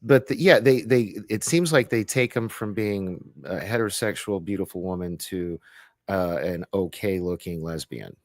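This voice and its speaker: A man co-hosting a live podcast, talking casually and haltingly, repeating words as he searches for them. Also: deep voice, no echo, clean studio sound. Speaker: podcast co-host. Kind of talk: casual live-stream chat.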